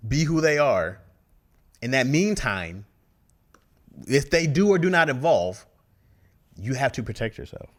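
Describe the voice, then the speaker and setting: A man's voice: medium pitch, sing-song, measured pace, pauses often. A man co-hosting a casual podcast chat, talking things through with his co-host and reading listener comments aloud.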